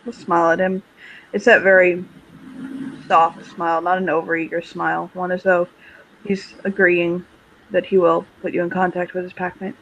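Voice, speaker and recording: A man running a tabletop game, narrating with a lot of hesitant fillers. His voice sits high for a man, and the recording sounds dull and lo-fi. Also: monotone, moderate pace, bright, forceful tone. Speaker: game master.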